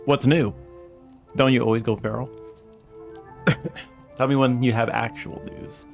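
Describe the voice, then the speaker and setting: A man's voice: mid-range voice, steady tone, unhurried, creaky, faint music behind. A man streaming a game, joking and laughing often as he talks to chat and scolds his game characters. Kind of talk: casual gameplay commentary.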